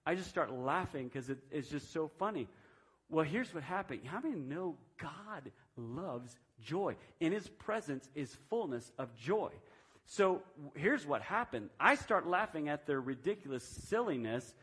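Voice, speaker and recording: Fifties man telling a sermon story, higher voice. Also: big pitch swings, a little slow, a bit bright, breathy edge. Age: 50s. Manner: conversational storytelling with frequent restarts; self-described reserved personality. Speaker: preacher. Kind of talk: sermon testimony.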